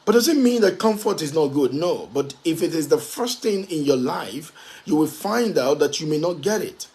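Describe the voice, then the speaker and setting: A man's voice, pitched a little higher than most men's, delivering a motivational talk with emphatic force. He drives his points home by repeating key phrases again and again. Now and then he slows to spell a word out letter by letter. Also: animated, a little mellow. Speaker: motivational speaker.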